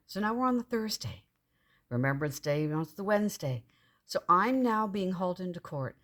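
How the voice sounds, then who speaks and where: Cheeky middle-aged woman telling a story. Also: sits low. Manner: cheeky, irreverent, animated storytelling. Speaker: storyteller recounting her own story. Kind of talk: casual spoken storytelling.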